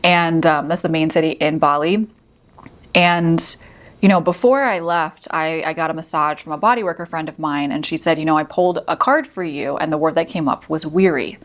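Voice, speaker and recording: A woman's voice: low voice, moderate pace. A woman host telling a personal story in a casual, reflective way, full of "you know" and "like". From United States. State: teary at moments. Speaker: podcast host.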